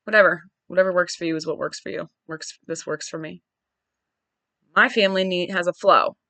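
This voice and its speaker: Woman thinking out loud on her podcast, kinda wry and searching, bright voice, dead dry mic. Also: fairly low pitch, brisk, no room sound. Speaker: podcast host. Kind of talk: personal reflective monologue.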